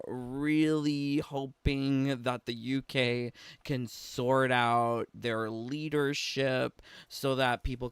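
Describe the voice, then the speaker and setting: A man's voice: medium pitch, a bit bright, smooth, no echo. A man giving casual reaction commentary on a video clip, rambling and swearing between frequent giggles.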